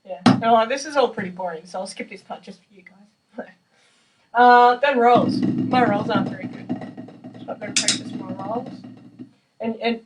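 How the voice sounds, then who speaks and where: A woman's voice: on the high side, moderate pace, long pauses, heavy background noise. Young woman talking from across the room. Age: young adult. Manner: chatty and self-deprecating, with many fillers. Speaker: percussion student. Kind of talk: casual practice demonstration. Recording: distant mic with drumming behind.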